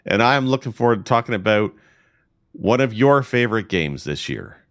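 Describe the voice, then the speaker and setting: A man's voice: lowish voice, big pitch swings, brisk, fairly bright tone, no room sound. A man co-hosting a gaming podcast, teasing in dry banter. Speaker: podcast co-host. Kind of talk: casual podcast chat.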